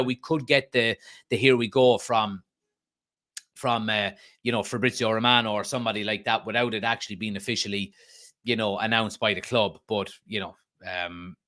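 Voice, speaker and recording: A man's voice: lowish voice, sharp tone. Irish man ranting on a fan stream. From Ireland. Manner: conversational, frequent restarts and fillers, emphatic outbursts. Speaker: fan channel host. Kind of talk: live-stream fan chat reading comments.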